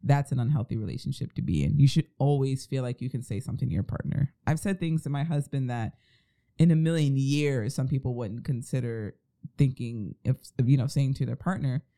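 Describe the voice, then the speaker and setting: A man's voice: mid-range voice, a little fast, creaky, warm tone. A man in casual podcast chat, talking earnestly and giving advice to listeners. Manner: earnest, advising.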